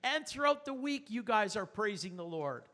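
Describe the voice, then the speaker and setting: A man preaching a sermon as pastor, earnest and animated, with rhetorical questions. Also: high-pitched, normal speed.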